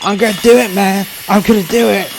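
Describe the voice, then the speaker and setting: A man voicing a frantic, drugged-up man barricaded in a toilet, yelling strained threats, over a noisy recording. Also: high voice, fairly even intonation, brisk, creaky, pitched above the performer's own voice. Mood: manic.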